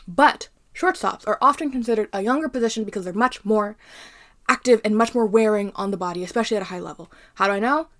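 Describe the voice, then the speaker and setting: A young woman from Arizona talks through a novel in a casual commentary, her slightly high voice turning heated and animated as she rants. She swears freely and talks like a host chatting to her regular viewers. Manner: animated, profane, heated ranting. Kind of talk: casual rant-style book commentary.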